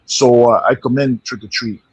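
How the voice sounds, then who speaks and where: A man's voice: medium pitch, steady tone, moderate pace, slightly rough, no echo, low-quality recording. A man chatting casually on a podcast, rambling and repeating words as he gets going. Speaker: podcast co-host. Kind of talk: casual chat.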